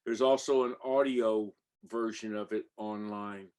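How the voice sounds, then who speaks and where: A man's voice: lowish voice, fairly even intonation, measured pace, darkish tone, clear, resonant tone. A man in his eighties or older, an author reading the opening of his book aloud, hesitant with many fillers when he talks off the page. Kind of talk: reading a memoir-style story aloud.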